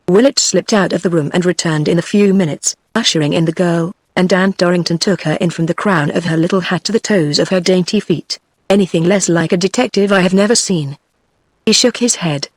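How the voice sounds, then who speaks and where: A computer-voiced woman with a British English accent reading a novel aloud in an even, scripted narration. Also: lowish voice, fairly quick, no echo. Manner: even synthetic reading, reads out punctuation. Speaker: audiobook narrator.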